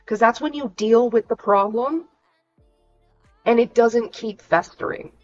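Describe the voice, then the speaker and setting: A woman's voice: on the high side, measured pace, darkish tone, highs cut off, soft background music. Blunt ranting woman streamer. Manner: blunt, frank, swears freely, ranting. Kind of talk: casual venting livestream.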